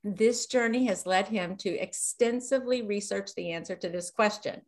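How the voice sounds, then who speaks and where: A woman's voice: medium pitch, normal speed. A woman hosting a podcast over a video call, chatting enthusiastically with her guest and reading his bio aloud. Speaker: podcast host. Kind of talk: casual interview chat.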